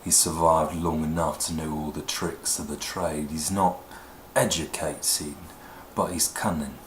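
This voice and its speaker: A street-smart Cockney man with a deep, low growl talks with slow, quiet menace. The room is echoey, with a faint hiss behind. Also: fairly even intonation. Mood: sly.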